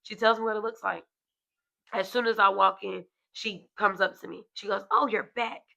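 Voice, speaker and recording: A woman and mother co-hosting a podcast, telling a story in casual chat, animated and swearing freely as she acts out what others said. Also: mid-range voice, normal speed, vocal fry, low-quality recording.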